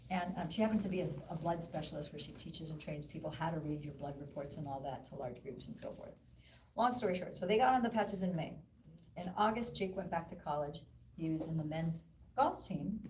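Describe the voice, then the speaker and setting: A woman presenting at a live wellness event, telling a story to an audience in an animated way and acting out the voices of the people she quotes. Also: low-pitched, fairly quick, a little hiss or hum. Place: event room. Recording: echoey room, voice from far off.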